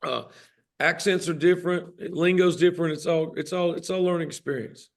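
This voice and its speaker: A man's voice: fairly high pitch, fairly even intonation, fairly quick, gravelly. A man with a Southern US accent, a touring musician talking easily in an interview. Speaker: touring band musician, guest. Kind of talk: casual interview chat.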